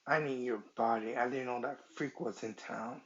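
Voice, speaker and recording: A man's voice: medium pitch, fairly even intonation, normal speed, close to an everyday voice. A man doing a slimy monster villain. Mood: menacing. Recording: dull lo-fi recording.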